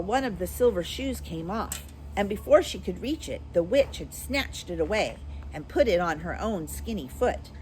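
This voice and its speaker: A woman teacher reading a children's storybook aloud with expressive, animated storytelling. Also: mid-range voice, slight background noise, poor audio.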